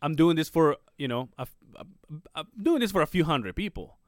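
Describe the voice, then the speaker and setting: A man co-hosting a podcast, chatting casually and telling a story full of quoted back-and-forth. His pitch leaps high and drops low as he acts out each person. He sits close to the mic in a dry room with no echo. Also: a little fast. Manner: animated storyteller acting out quoted people, swearing freely. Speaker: podcast co-host.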